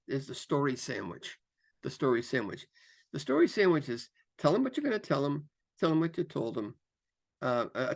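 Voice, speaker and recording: A man giving career coaching advice to camera, varying his pace and tone for emphasis and often repeating himself with fillers. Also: gravelly. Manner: lively, shifts pace and pitch for emphasis; repeats phrases, frequent fillers. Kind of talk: instructional talk to camera.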